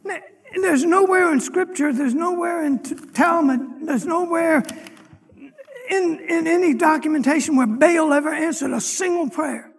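A man deacon preaching a sermon, reading scripture and retelling it with animated, dramatic storytelling. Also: very high-pitched, normal speed, creaky, long reverb tail. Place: church hall.

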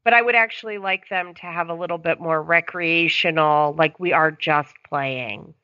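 A woman's voice: deep voice, normal speed, dry recording. A woman dog owner calling in and explaining her dog's problems at length in casual chat. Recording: dry, dull lo-fi sound.

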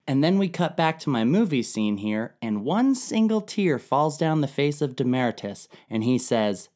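A man's voice: mid-range voice, sing-song, moderate pace, hardly any pauses, darkish tone. A young man retelling ancient history as a comedy, slangy and profane. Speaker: narrator.

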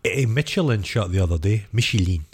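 A man's voice: fairly low pitch, animated, fairly quick, slightly rough. A Scottish man co-hosting a podcast, chatting casually and dropping dry, wry jokes. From Scotland. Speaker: podcast co-host. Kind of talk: casual chat.

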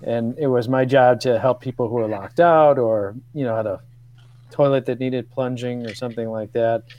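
A man in his fifties, a guest on a radio show, telling old stories with laughs and halting restarts. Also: mid-range voice, muffled recording. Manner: storytelling, laughs often, hesitant restarts. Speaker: guest, former radio co-producer. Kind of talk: casual radio chat.

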